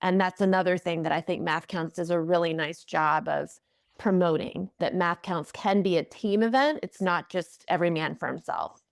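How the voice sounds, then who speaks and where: A woman's voice: fairly low pitch, normal speed, creaky, no echo. Enthusiastic woman explaining, dry sound. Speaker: executive director of a math organization, guest. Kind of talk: interview answers.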